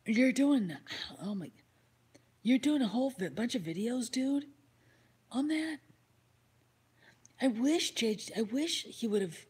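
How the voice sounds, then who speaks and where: Answering chat comments as she casually tells a story, a female livestream host swears freely and drops into whispered asides. Her voice is a little high yet darkish and husky, expressive, a little slow, with frequent pauses.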